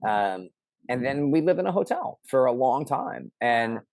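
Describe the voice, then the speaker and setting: A middle-aged man telling a personal story in casual conversation, animated and shouting out the lines he quotes. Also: mid-range voice, a little slow, no echo. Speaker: interview guest.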